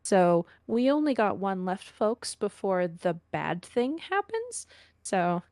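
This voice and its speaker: A woman's voice: medium pitch, sing-song, slow, darkish tone, dry recording. A woman giving playful, meandering praise to fellow players after a tabletop session, hesitant and full of fillers. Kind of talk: casual post-session chat.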